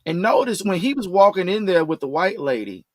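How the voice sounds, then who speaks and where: A man co-hosting a casual talk show, his voice sitting fairly high for a man. The sound is dry and close with almost no room around it. He retells stories at length and acts out the lines people said. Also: sing-song, fairly quick, no room sound. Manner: retells stories at length, acting out quoted dialogue. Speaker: co-host. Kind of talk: casual podcast chat.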